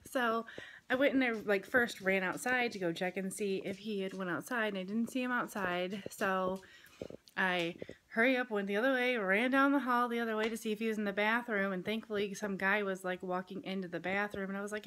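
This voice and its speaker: Chatty mom vlogger with lots of fillers. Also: female voice, medium pitch, moderate pace, fairly bright tone, slight background noise. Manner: chatty storytelling with many fillers. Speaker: vlogger, mother. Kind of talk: casual family vlog chat. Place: home, partly outdoors in a yard.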